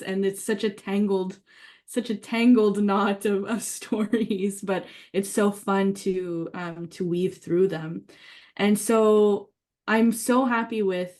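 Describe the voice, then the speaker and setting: A woman teaches a community writing workshop in an eager, conversational way. She thinks aloud, circles back with fillers and restarts, and keeps her pitch at an ordinary middle level. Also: darkish tone. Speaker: workshop leader.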